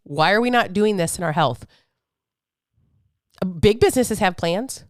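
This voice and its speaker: A woman's voice: medium pitch, expressive, measured pace, long pauses, no echo, clean studio sound. A woman fitness coach in her thirties, ranting bluntly and profanely on her own podcast. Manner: blunt, profane, fired-up, preachy. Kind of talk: unfiltered podcast rant.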